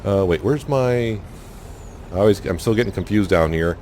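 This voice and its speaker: A man with a very deep voice talks through his gameplay in a relaxed, rambling way, full of "uh" and "you know." Faint game sounds sit under his voice. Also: normal speed, a little hiss or hum. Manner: rambling, thinks aloud with many fillers. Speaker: gaming channel host. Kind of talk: casual let's-play commentary.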